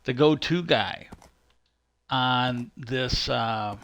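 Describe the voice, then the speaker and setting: A man hosting a livestream, talking in a casual, halting way, often restarting his sentences and swearing offhand. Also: medium pitch, a bit bright. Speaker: livestream host. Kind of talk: casual rambling commentary.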